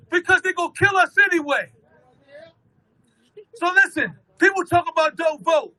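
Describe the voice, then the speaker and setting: A man giving an impassioned protest rally speech, shouting fiery, rhythmic oratory. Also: very high-pitched, moderate pace, pauses often, poor audio. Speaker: rally speaker.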